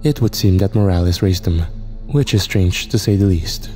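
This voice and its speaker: A man narrating a first-person horror story in a steady, reflective way. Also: sits low, moderate pace. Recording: reverb with faint music.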